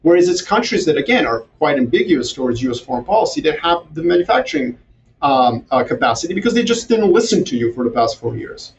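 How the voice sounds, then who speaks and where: A man who grew up in Europe and the Middle East, talking as a podcast guest in a sarcastic, animated way with mocking asides. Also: fairly high pitch, quick pace. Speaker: guest strategist. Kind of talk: casual podcast conversation. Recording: distant, dull, slightly noisy remote audio.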